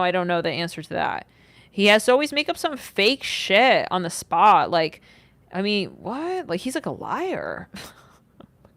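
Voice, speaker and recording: A young woman giving a casual livestream tarot reading, talking in an animated way with lots of "like", swearing and sudden outbursts. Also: on the high side, no echo. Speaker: tarot reader.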